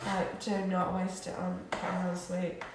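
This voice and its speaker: A woman's voice: fairly low pitch, monotone, normal speed, distant mic, very noisy. Tipsy young woman rambling in an echoey kitchen. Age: young adult. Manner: rambling, chatty, tipsy, trails off and repeats herself. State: drunk. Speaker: streamer. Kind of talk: casual drunk livestream chat. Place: student flat kitchen. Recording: echoey room, voice off-mic at times.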